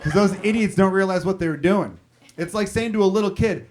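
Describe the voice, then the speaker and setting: A man's voice: sits high, brisk, a little mellow, a little hiss or hum. A man in his thirties doing a stand-up routine on a comedy club stage, talking to the crowd in a conversational, profane way. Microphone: handheld stage mic. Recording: live club, audience laughing. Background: audience laughter.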